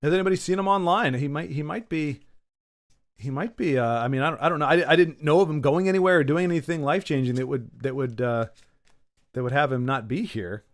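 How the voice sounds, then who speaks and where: A man's voice: a little high, fairly quick. A man giving casual, joking commentary while playing a card game, muttering to himself between asides to his viewers. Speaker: gaming channel host.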